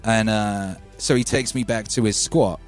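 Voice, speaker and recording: A man hosting a relaxed livestream, rambling and reading out chat names. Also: lowish voice, measured pace. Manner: laid-back, rambling, calls listeners baby. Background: faint music.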